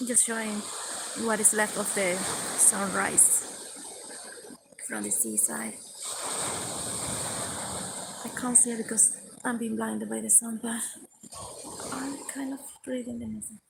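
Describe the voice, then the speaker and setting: A woman's voice: fairly high pitch, expressive, unhurried, vocal fry, long pauses, heavy background noise. A woman with a Venezuelan accent chatting casually on a live stream outdoors by the sea, greeting viewers by name. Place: seaside outdoors at sunrise. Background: waves on pebbles.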